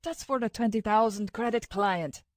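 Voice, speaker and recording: A woman's voice: medium pitch, moderate pace, dry recording, pitched above the performer's own voice, lightly acted. Audiobook figure: dazed young man, slurred and drowsy, stubborn, read by a woman narrator, dry close sound. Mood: groggy. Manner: slurred, drowsy, matter-of-fact.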